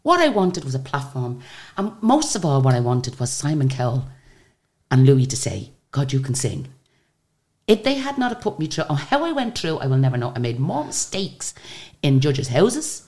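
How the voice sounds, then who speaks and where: Lively low-voiced older woman telling stories. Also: moderate pace. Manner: chatty, animated retelling of stories with quoted dialogue. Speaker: guest singer. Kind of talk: radio interview, anecdotal storytelling.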